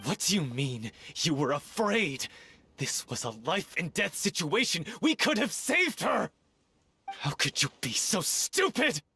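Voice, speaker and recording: An actor playing a grief-stricken young male troupe actor who shouts accusations in game voice acting. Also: a little high, big pitch swings, unhurried, full character voice. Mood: furious.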